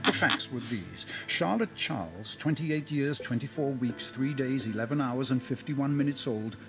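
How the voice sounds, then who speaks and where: A man's voice: medium pitch, lively intonation, close to an everyday voice. A man narrating a whimsical storybook tale. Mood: measured. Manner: measured, whimsical. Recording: clip from a show with music behind.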